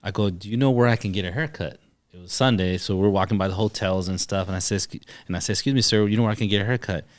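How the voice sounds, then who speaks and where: A man's voice: fairly low pitch, racing. A man, a chiropractor, telling personal stories in a casual podcast chat and acting out the dialogue. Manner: animated storyteller, acts out dialogue. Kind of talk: casual storytelling.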